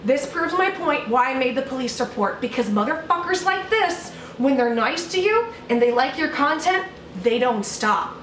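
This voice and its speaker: A woman's voice: sits high, expressive, normal speed, fairly bright tone, reverberant, recorded from a distance, a little hiss or hum. A woman YouTuber doing a sarcastic, mock-outraged vlog rant, full of swearing, recorded at home. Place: home room.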